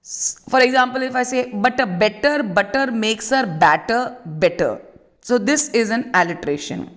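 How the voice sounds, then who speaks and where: A woman teacher giving an online literature lesson, explaining slowly and repeating key points with frequent fillers. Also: a little high, a bit bright.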